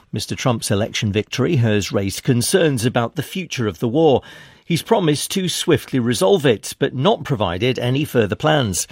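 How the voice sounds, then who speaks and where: A man reading a radio news bulletin in a measured, formal way. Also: medium pitch, no echo, clean studio sound. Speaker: newsreader.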